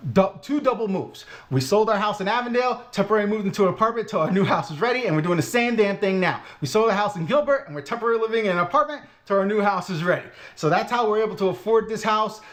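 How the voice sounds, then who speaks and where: Middle-aged man, Brooklyn Italian-American accent, frank channel host, high bouncy voice. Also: animated, fast talker, few pauses, a bit bright. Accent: Brooklyn Italian-American New York. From Brooklyn, New York. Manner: blunt, self-mocking, swears casually. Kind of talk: casual live-stream chat.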